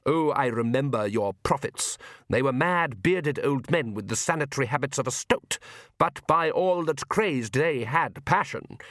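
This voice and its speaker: A man reading an audiobook, voicing a suave, theatrical male vampire count who talks in a smooth, amused and condescending way. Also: medium pitch, lively intonation, unhurried, a bit bright, dry recording, clean studio sound. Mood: scornful.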